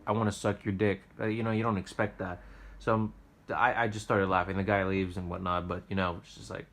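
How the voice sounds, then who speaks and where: In a casual storytelling vlog, a young man tells rambling, profane stories about his sandwich shop job, often stammering and restarting. He talks briskly in a low, fairly bright voice with little pitch movement.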